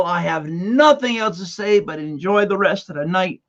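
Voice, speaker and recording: A man's voice: high voice, normal speed, a bit bright, dull audio. A man hosting a casual sports podcast, talking in an emphatic, conversational way and sometimes repeating words as he starts a sentence. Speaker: podcast host.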